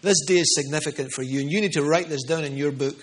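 A man's voice: a little high, quick pace. A middle-aged man preaching a charismatic sermon with prophetic words, fervent and emphatic, repeating phrases for stress. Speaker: pastor.

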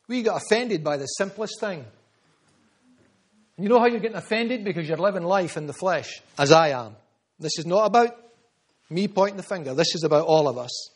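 A Scottish man preaching a sermon as pastor to his congregation, driving points home with repetition and dropping to quiet asides. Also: high voice.

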